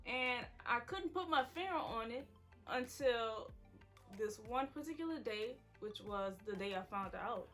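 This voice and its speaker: A woman's voice: a little high, lively intonation, measured pace, a bit bright. Young woman vlogging a story time, chatty and candid, faint music behind. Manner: candid, chatty, addresses viewers directly. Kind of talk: emotional story time to viewers.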